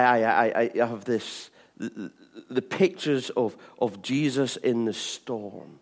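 A man preaching an informal sermon, chatty with repeated asides, swinging from bright emphasis to hushed tones. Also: mid-range voice. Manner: chatty, with frequent "you know what I mean" and restarts.

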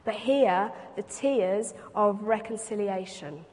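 A woman's voice: medium pitch, takes it slowly, a little mellow. A woman preaching a reflective sermon, reading scripture aloud and explaining it to a congregation. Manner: reflective, reads scripture aloud then expounds. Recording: long hall reverb.

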